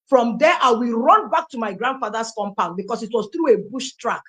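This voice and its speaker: A woman's voice: a little high, fairly quick, hardly any pauses, fairly bright tone. A Nigerian woman in her thirties, first language Igbo, telling her life story aloud and acting out the dialogue. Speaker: testimony speaker.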